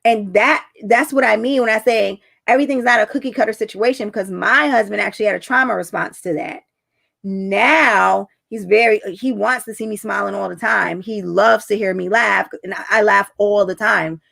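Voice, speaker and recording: Gravelly-voiced woman telling a story. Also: mid-range voice, moderate pace, a bit bright. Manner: chatty storytelling, acts out quotes. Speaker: relationship coach. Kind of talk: casual talk to camera.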